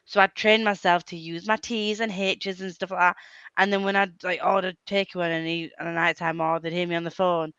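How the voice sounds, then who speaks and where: Yorkshire woman, casual chat, bright crisp voice, dry sound. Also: lowish voice, fairly even intonation, no room sound, muffled recording. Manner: chatty, laughs often, quick storytelling. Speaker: book friend on a call. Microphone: video call.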